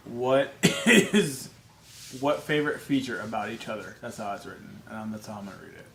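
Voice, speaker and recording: A man's voice: on the low side, normal speed, gravelly, slight background noise. Man, host's partner, playful joker, echoey room. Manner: playful, joking, excitable. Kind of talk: casual chat.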